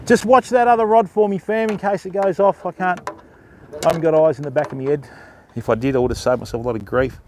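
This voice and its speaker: A man's voice: fairly high pitch, a little fast, darkish tone, slight background noise. A man with an Australian accent hosting a live beach-fishing stream outdoors, chatting to viewers and explaining his rigs. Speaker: fishing livestream host. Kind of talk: casual live-stream commentary.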